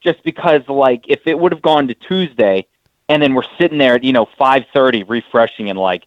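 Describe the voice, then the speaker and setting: A man's voice: mid-range voice, a little fast, no echo. A man talking as a guest in a casual chat, rambling and often restarting his sentences. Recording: phone line.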